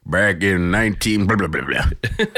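A middle-aged man from St. Louis with a very deep voice, telling stories animatedly in a casual podcast chat and slipping into voices. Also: unhurried, no room sound, clean studio sound. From St. Louis, Missouri. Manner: animated storyteller, breaks into voices and laughs. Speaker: voice actor guest.

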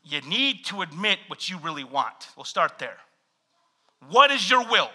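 Male pastor, sermon delivery, high bright voice, lively swings in pitch, humorous storyteller. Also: measured pace. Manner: animated storytelling with scripture reading and humor.

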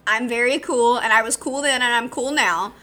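Woman co-host from Alabama, a touch high-pitched, bright, joking storyteller. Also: moderate pace. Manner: playful, punning, self-mocking storyteller. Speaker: podcast co-host. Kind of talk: casual chat.

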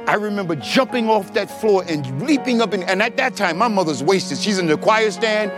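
Middle-aged male preacher, high voice, animated testimony over music. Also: moderate pace. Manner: animated storytelling, acting out voices. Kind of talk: sermon testimony.

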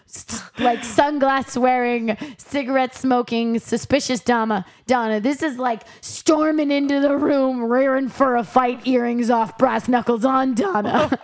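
A woman in her twenties co-hosting a casual podcast. She talks in an animated, giggly way, with a fairly high voice, and acts out scenes as she recaps. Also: unhurried. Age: 20s. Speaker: podcast co-host. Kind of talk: casual chat recapping a TV episode.

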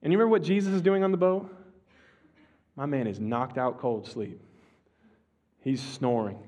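A male pastor giving a sermon in a relaxed, conversational way, with slang and restarts, dropping to a slow hush on key phrases. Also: medium pitch.

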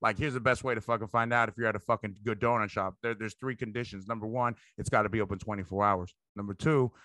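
A man, a stand-up comedian, chatting casually on a podcast, rambling and profane as he tells animated stories. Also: lowish voice, fast, no echo.

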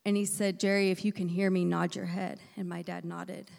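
A woman preaching a sermon in a church, telling a personal story, moving between loud emphasis and hushed near-whispers. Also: lowish voice, flat delivery, moderate pace, vocal fry. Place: church sanctuary. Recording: echoey hall reverb.

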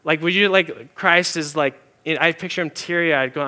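A man preaching a sermon in a casual, earnest way, full of "like" fillers, slowing down and going soft to stress a point. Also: a little high, expressive. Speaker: pastor.

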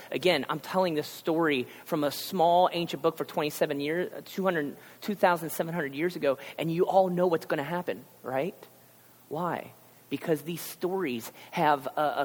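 A male pastor preaching a conversational sermon, acting out characters in quick asides. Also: medium pitch. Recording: long hall reverb.

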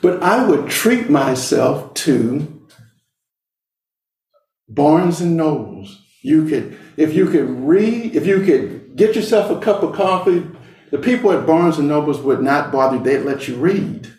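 A middle-aged man shares a personal story with an audience in a slow, earnest, deliberate way, leaving long pauses between phrases. His voice sits slightly high for a man. The sound is roomy and picked up from some distance on a stage. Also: lively intonation, a little mellow. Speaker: speaker.

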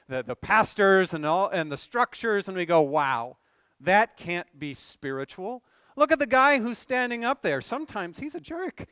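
A male pastor delivers an earnest sermon, posing rhetorical questions and building to emphatic swells. His voice sits high for a man and sounds smooth and resonant. The recording is dry, with little room sound. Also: bright, forceful tone, no room sound.

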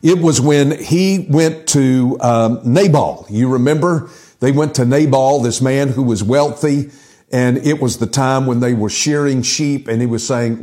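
A middle-aged man preaching a sermon, telling Bible stories in a lively way and acting out the characters' lines. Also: mid-range voice, unhurried. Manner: lively storytelling, acting out quotes. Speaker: pastor.

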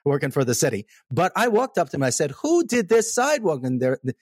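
A man telling a personal story in casual conversation, animated and emphatic. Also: medium pitch, fast talker, husky, no echo, clean studio sound. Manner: animated, emphatic, repeats "okay?" for effect.

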